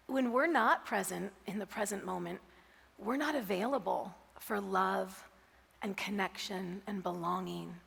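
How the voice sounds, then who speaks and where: Husky woman giving a keynote. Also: mid-range voice. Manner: animated storyteller who laughs and asks the audience questions. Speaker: keynote speaker. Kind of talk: motivational keynote talk. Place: conference stage. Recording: reverberant hall.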